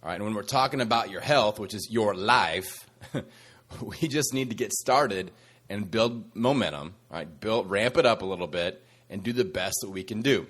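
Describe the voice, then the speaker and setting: A man's voice: lowish voice, normal speed, fairly bright tone. A man hosting a motivational fitness podcast, coaching listeners in an upbeat, teasing and sassy way.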